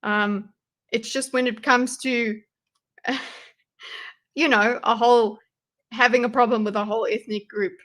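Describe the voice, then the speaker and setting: A woman with a high, bright voice reacts on a livestream. She is chatty and wry and laughs often between remarks. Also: steady tone, a little slow, pauses often. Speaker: livestream commentary host. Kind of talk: casual reaction commentary.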